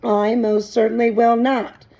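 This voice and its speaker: A woman reading aloud, voicing an old gray female goose who talks in a brisk, scolding way. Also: a little high, flat delivery, mellow, close to an everyday voice, low-quality recording. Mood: bossy.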